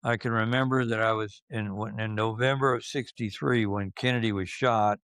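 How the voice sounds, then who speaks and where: An older man in his seventies recounting his youth in an unhurried, halting way, full of fillers and restarts. His voice sits low and sounds smooth and resonant, recorded dry and close. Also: steady tone, a bit bright, dry recording. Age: 70s. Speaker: interviewee recalling his youth. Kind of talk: casual reminiscing.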